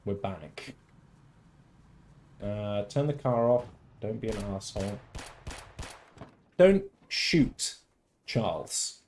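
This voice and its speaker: A man hosting a casual game livestream, talking theatrically and swinging from loud outbursts to mock-tender murmurs. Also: on the low side, lively intonation, slow pace, pauses often, a little hiss or hum. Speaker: livestream host. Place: at home.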